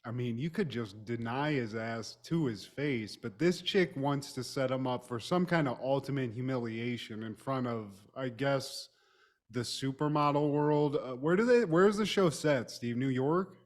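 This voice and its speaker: A man's voice: mid-range voice, measured pace. A man co-hosting a podcast, recapping a TV episode in a loose, profane, joking way. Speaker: co-host.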